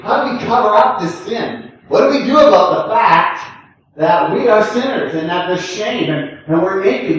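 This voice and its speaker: An older man preaching a sermon in a relaxed, conversational way, often checking in with the congregation and chuckling. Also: high voice. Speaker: pastor. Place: church sanctuary. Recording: echoey room, distant from the mic.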